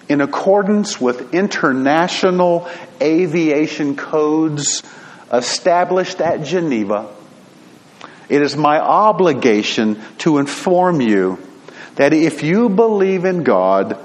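A man voicing a calm airline pilot making a formal intercom announcement. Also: fairly high pitch. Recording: long hall reverb.

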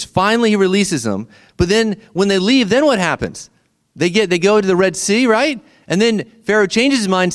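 A middle-aged man, preaching a sermon in a conversational way and asking the listeners questions. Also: high-pitched. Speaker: pastor.

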